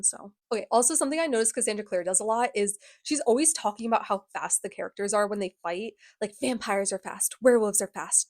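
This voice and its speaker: A woman's voice: medium pitch, no room sound. Sarcastic young woman in her 20s ranting about books, laughs a lot, dry close mic. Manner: animated, sarcastic, laughs often. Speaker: book vlogger. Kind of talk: comedic book recap.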